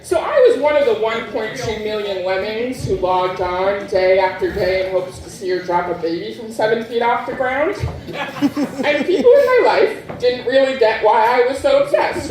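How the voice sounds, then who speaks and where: A woman performs stand-up with a deadpan, crude delivery, her pitch bouncing lively and a little high. She is heard from a distance in an echoey club, and a crowd laughs loudly behind her. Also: moderate pace, slight background noise. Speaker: stand-up comedian. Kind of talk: stand-up set.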